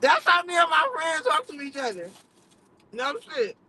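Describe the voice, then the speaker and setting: Bright-voiced woman in frank livestream chat. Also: high voice, sing-song, moderate pace, a little hiss or hum, low-quality recording. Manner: candid, profane, laughs often. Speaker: livestream host.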